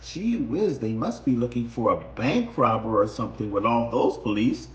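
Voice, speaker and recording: A man's voice: mid-range voice, animated, moderate pace, echoey room, dull audio, pitched below the performer's own voice, natural voice. A man voicing a chatty old woman shopper, mild and gossipy. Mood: curious.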